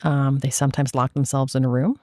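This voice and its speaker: A woman's voice: a bass voice, fairly even intonation, a little fast, warm tone, dry recording, clean studio sound. A woman co-hosting a podcast in casual chat, talkative, often laughing and acting out quoted colleagues. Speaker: podcast co-host.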